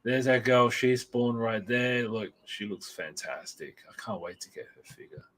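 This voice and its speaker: A man co-hosting a relaxed chat about comics and films. He talks in an eager, rambling way, often restarting his sentences. His voice sits in an ordinary middle pitch. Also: moderate pace. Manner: rambling, enthusiastic, many restarts. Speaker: podcast co-host.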